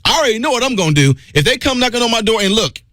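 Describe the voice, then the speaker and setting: A middle-aged man hosting a talk radio show, delivering an emphatic opinion monologue that drops low and loud for stress. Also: big pitch swings, rapid-fire, no echo.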